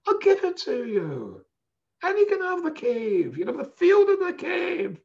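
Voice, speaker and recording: A man voicing a sugary-sweet, scheming male merchant in a high, drawn-out voice. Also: wildly swooping pitch, gravelly, darkish tone, recorded from a distance, muffled recording, exaggerated voice.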